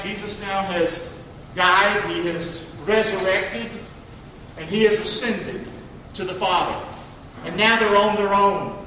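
A man preaching a sermon, reading scripture aloud and calling for responses, swinging from quiet asides to near-shouting. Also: sits high, slight background noise. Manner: reads scripture aloud and calls for congregation response. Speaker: pastor. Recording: echoey hall, distant mic.

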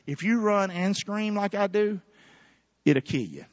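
A man preaching a fervent sermon in a church, shouting call-and-response lines to the congregation. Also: sits high, expressive, a little slow, dry recording, highs cut off. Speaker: pastor. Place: church sanctuary.

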